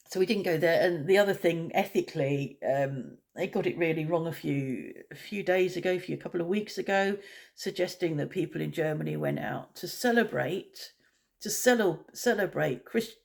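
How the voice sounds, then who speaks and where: A woman's voice: low voice, gravelly, darkish tone. A woman vlogger talking in a casual, rambling way, blunt and opinionated.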